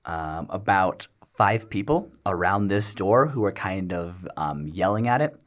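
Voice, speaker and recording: A man narrating a tabletop game as game master, pausing often with ums as he describes scenes. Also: low-pitched, animated. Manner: hesitant, many ums while describing scenes.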